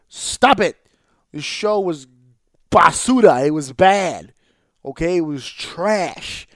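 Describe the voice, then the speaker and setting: A man hosting a podcast, ranting with exasperation and heavy swearing, now and then mimicking others in a flat, deflated tone. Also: sits high, normal speed, no room sound, clean studio sound. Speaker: podcast host. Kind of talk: profane ranting podcast monologue.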